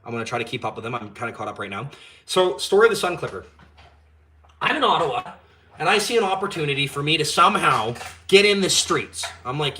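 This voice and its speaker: A young man, hosting a live stream and telling a story in casual, animated chat, swearing freely and acting out the dialogue. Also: medium pitch, quick pace, slight background noise. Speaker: channel host.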